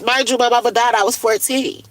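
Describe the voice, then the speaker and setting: A woman's voice: fairly high pitch, steady tone, a little fast, a bit bright, rough recording. Blunt, profane woman in her thirties venting. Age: 30s. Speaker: livestreamer. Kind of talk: casual venting monologue.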